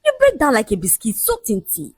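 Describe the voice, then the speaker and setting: A scornful young man who brushes off his fiancée and lectures her in a quick, mocking rush, voiced by a woman. The voice sits high and husky. It is recorded close and dry. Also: wildly swooping pitch, dry recording. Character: arrogant cheating young man, dismissive and shameless.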